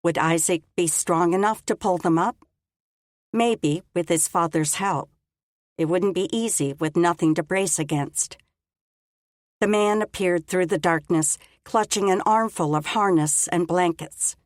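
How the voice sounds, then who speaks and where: A woman reads an audiobook with calm, measured storytelling, her voice low-pitched. She takes it very slowly, and the sound is dry and close. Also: no room sound. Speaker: audiobook narrator. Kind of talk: scripted narration.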